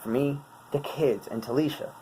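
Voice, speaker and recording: A man in his twenties, talking earnestly and haltingly as a vlogger, searching for his words. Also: mid-range voice, mellow, a little hiss or hum, rough recording. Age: 20s. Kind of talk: casual talk explaining song lyrics.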